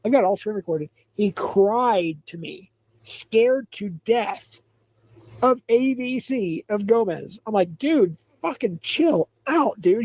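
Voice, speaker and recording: Livestream host, male, high and mellow voice, loose rambling delivery. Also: dry recording. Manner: rambling, reads chat aloud, laughs often. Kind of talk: casual livestream chat.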